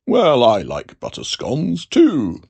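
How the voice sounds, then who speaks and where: A storyteller voicing a cheerful old Father Christmas who cannot hear properly on the phone, with a slow, contented, oblivious delivery. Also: mid-range voice, wildly swooping pitch, vocal fry, a little mellow, husky, heavily acted. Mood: jolly.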